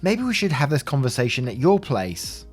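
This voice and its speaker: A man's voice: mid-range voice, big pitch swings, normal speed, breathy edge, soft background music. A man voicing a nervous, awkward young classmate who stammers and keeps apologizing. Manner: stuttery, hesitant, apologetic.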